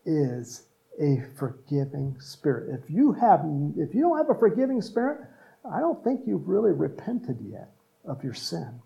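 A man's voice: on the high side, creaky, mellow, rough recording. A man preaching a sermon in a conversational style, mixing jokes and asides with earnest appeals. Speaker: pastor.

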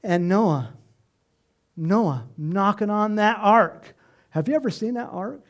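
A middle-aged man preaching an informal sermon, animated and chatty, acting out voices and chuckling as he speaks to the congregation. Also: high-pitched, slow. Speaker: pastor.

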